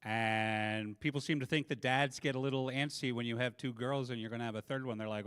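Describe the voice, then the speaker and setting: This middle-aged comic has a clear, resonant, mid-range voice and talks a little fast into a handheld microphone. On a live stage, he tells animated, self-deprecating stories.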